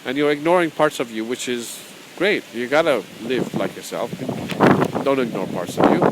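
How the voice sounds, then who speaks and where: A man's voice: mid-range voice, expressive, unhurried, heavy background noise. A man as a spiritual teacher, talking casually and rambling through his own book, repeating phrases and chuckling often.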